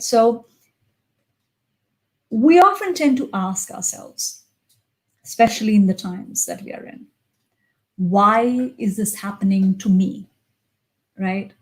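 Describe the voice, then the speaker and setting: A woman executive coach giving a motivational self-help talk in an expressive, conversational way, with frequent pauses. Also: medium pitch, rough recording.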